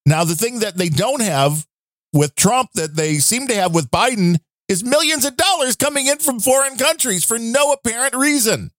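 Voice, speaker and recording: A man's voice: extremely high pitch, expressive, normal speed, fairly bright tone, dry recording, clean studio sound. A man hosting a casual political podcast, who jokes, laughs often and speaks to his listeners as folks. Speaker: podcast host.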